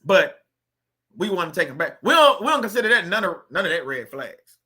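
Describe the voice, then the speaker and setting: A man speaks as host of a faith-based channel, in a loose, conversational style that turns preachy. He asks his viewers rhetorical questions and talks right at them. His voice sits high and has a very bright, sharp edge. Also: very animated, brisk, slightly rough. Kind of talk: casual preachy commentary.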